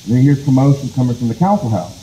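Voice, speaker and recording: A man's voice: mid-range voice, expressive, rapid-fire, mellow. A man from the Cherokee Nation telling a folk tale live, casual and conversational, at an outdoor festival. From United States, Cherokee Nation. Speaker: storyteller. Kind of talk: live oral storytelling. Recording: echoey with faint noise.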